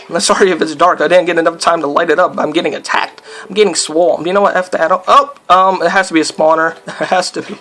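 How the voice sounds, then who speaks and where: Bright-voiced rambling gamer guy. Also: a little high, fairly even intonation, fast talker, few pauses. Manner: rambling, loose talk full of fillers; breaks off into startled yelps at the game. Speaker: let's player. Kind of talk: casual gameplay commentary.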